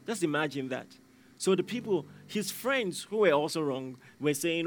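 A man's voice: on the high side, animated, normal speed. A man preaching a sermon, emphatic and repeating key phrases, raising his voice when he acts out quoted lines. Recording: faint instrumental music behind.

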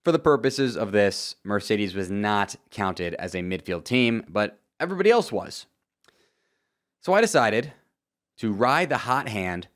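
A young man from Florida giving a casual, joking race recap with lively asides and sudden loud outbursts. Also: fairly low pitch. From Florida, USA. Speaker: motorsport commentator. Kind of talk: casual video commentary.

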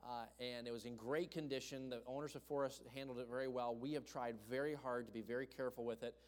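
A young man preaching, telling a personal story in an animated way and acting out the voices of the people in it. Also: medium pitch, fast talker. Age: young adult. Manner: animated, acts out voices in his stories. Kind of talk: storytelling sermon. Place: church hall. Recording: long hall reverb.

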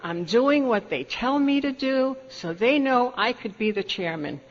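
Her voice sits on the high side, unhurried and with lively intonation: an older New York woman speaking at Al-Anon, recounting her own experiences and laughing along. The meeting-hall audio is lo-fi and dull, with a faint hum of the room.

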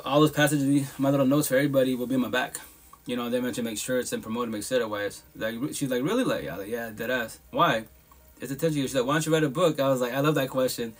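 Speaking in a husky, medium-pitched voice, a man runs a live podcast stream as a casual monologue. His talk is blunt, profane and emphatic, dotted with asides and frequent bursts of laughter.

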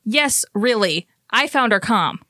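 A woman's voice: a little high, lively intonation, measured pace, bright, forceful tone, no echo, studio quality. A woman voicing an angry, betrayed young woman who swears and accuses bluntly. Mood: accusing.

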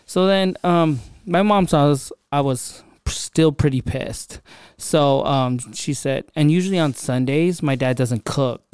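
A man's voice: on the high side, a little slow, a little mellow, clear, resonant tone, dry recording. A young man hosting a podcast, telling a personal story in a casual, conversational way with lots of fillers and asides. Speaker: podcast host.

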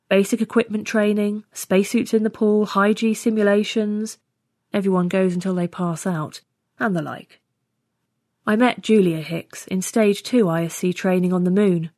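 A woman narrating a first-person science fiction story in steady, scripted storytelling. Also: mid-range voice, no room sound, clean studio sound. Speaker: story reader.

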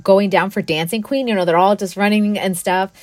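A woman's voice: medium pitch, fairly even intonation, brisk, no room sound, studio quality. A young woman chatting casually and enthusiastically as a podcast co-host, full of fillers. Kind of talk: casual chat.

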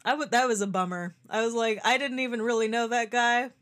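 A woman's voice: on the high side, fairly even intonation, a little fast, a bit bright. Laughing young woman in casual chat. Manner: laughing, swears freely, acts out quotes.

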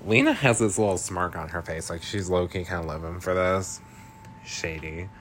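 A man's voice: low-pitched, lively intonation, moderate pace, fairly bright tone, a little hiss or hum. A man hosting a podcast, recapping a film in chatty, slangy casual talk with lots of filler words. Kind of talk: casual chat.

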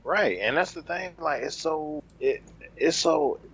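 A man's voice: a little high, expressive, unhurried, gravelly, a loud crowd. A man in a casual group chat, talking emphatically and swearing freely. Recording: dull lo-fi recording.

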